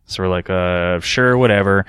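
Low smooth-voiced man telling a story. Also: normal speed, fairly bright tone, dry recording, studio quality. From Canada. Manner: rambling, swears freely, laughs mid-story. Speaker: podcast co-host. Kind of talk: casual storytelling chat.

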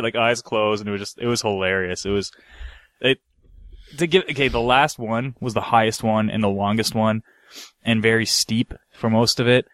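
Young man, casual storyteller, animated, swears freely, dry close sound. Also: medium pitch, fast talker, no room sound. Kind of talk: casual chat.

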